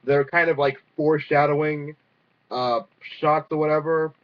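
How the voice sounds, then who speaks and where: A man's voice: on the high side, fairly even intonation, moderate pace. A young man casually reviewing a cartoon episode, rambling with lots of fillers and the odd swear word. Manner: rambling, filler-heavy, profane. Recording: dull lo-fi sound.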